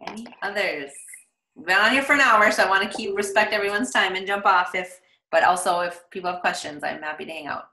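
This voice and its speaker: A woman's voice: mid-range voice, quick pace, sharp tone, roomy sound, poor audio. A woman leading a team call, giving upbeat, encouraging coaching answers. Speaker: team leader hosting a call.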